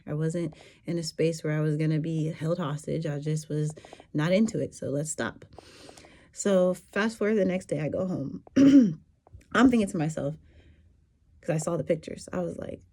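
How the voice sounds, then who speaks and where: A woman's voice: low-pitched, warm tone. A woman telling a personal story in a candid, rambling casual monologue, laughing now and then.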